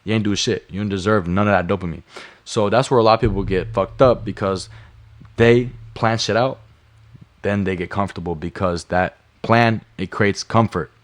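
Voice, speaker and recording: A man's voice: fairly low pitch, normal speed. A young man livestreaming a motivational talk, blunt and profane, hammering his points with repetition.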